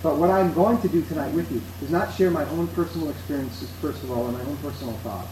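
A man preaching a sermon to a seated congregation, in a measured, conversational way that puts questions to his listeners. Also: fairly high pitch, far from the mic. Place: church hall with seated congregation. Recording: echoey room, faint background noise.

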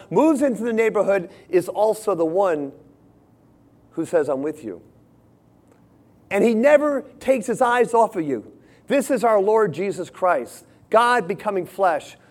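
A man preaching a sermon, earnest, moving between hushed lines and emphatic ones. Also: sits high.

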